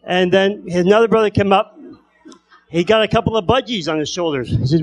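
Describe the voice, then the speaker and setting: A man doing stand-up comedy who stutters, telling stories with repeated word starts and long pauses. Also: high voice, rough recording. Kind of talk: stand-up storytelling.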